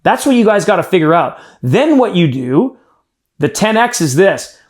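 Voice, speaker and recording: Running a live sales training session, a man coaches his group emphatically, addressing them directly. His voice is slightly high for a man, sing-song, and at a normal speed.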